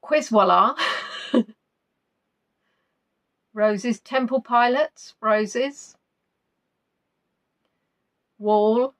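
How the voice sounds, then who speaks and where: A woman's voice: fairly high pitch, very slow, long pauses. A woman hosting a live quiz, reading out viewers' answers in a chatty, playful way and musing between questions. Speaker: quiz host.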